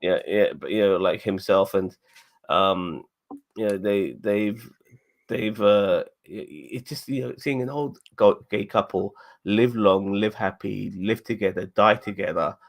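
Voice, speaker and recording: A man co-hosting a live review, talking emotionally and stumbling over restarts. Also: lowish voice. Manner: emotional, halting with many restarts. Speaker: podcast co-host.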